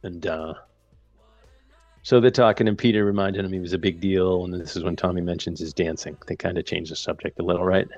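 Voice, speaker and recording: A man's voice: low-pitched, brisk, lo-fi sound, faint music behind. A man co-hosting a podcast, casually recapping a film scene by scene and acting out the characters' lines as he goes. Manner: animated retelling with quoted dialogue. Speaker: podcast co-host.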